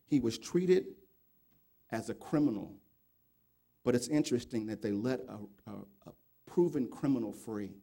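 A man preaching a sermon, reading scripture passages aloud and commenting on them, swinging from loud emphatic remarks to low quiet reading. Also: lively intonation, normal speed, pauses often, breathy edge. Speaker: pastor.

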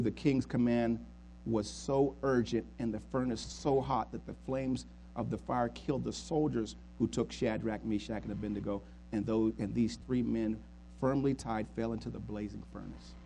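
A man preaching a sermon, swinging from quiet earnest talk to loud, fervent retelling of scripture. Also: medium pitch, steady tone, unhurried, gravelly, a little hiss or hum, rough recording. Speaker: pastor.

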